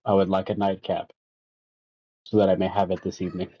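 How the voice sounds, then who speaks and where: A man's voice: low-pitched, flat delivery, a little fast, warm tone, dull audio, slight background noise, close to an everyday voice. A man voicing a formal adult character in a tabletop game, speaking stiffly and politely.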